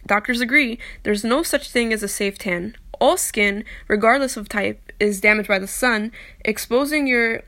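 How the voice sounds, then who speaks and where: A woman's voice: fairly high pitch, normal speed, fairly bright tone. A young woman in casual vlog talk, chatty and self-deprecating, often stumbling as she reads aloud. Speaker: vlogger. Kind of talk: casual chat, reading aloud.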